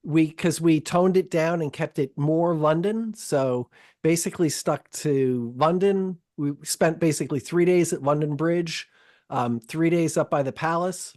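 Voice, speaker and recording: A man's voice: on the high side, measured pace, a little mellow. A man co-hosting a podcast in casual chat, telling stories in a rambling, profane way with many restarts. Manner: rambling, profane, self-interrupting storyteller. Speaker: podcast host.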